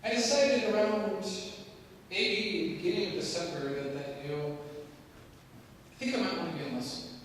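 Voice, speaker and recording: An American man in his thirties telling his personal story as a guest speaker, animated, with sudden loud rises. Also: high voice, moderate pace, long pauses, a little hiss or hum. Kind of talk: personal testimony talk. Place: large echoey hall. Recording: echoey hall, distant mic.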